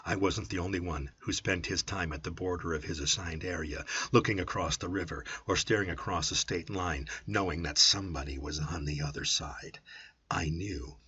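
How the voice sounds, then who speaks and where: A man narrating a first-person story as an audiobook, with an intense, brooding delivery that drops to a hush at times. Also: low voice, normal speed, a little hiss or hum. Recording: dull lo-fi audiobook recording.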